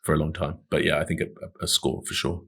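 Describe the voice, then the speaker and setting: A man co-hosting a rugby podcast, giving measured, laid-back analysis. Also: very deep voice, flat delivery, fairly bright tone, slightly rough. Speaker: podcast co-host.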